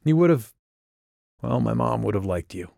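A man voicing a grieving, sharp-tongued young woman in an audiobook, with his voice raised and tearful. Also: lively intonation, normal speed, creaky, dry recording, clean studio sound. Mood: grieving, bitter. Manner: raised pitch, tearful and bitter.

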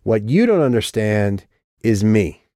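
A man reading an audiobook and voicing a sharp, sardonic woman who has been drinking. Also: lowish voice, sing-song, measured pace, dry recording, clean studio sound.

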